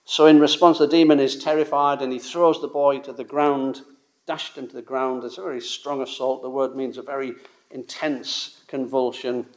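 A man's voice: mid-range voice, little pitch movement, moderate pace. A man preaching an expository sermon. He talks emphatically, repeats his points and asks rhetorical questions.

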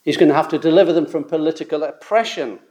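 Emphatic preacher man, fairly high voice. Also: a little mellow. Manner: emphatic, rises and falls in volume, slows on key phrases. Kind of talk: expository sermon.

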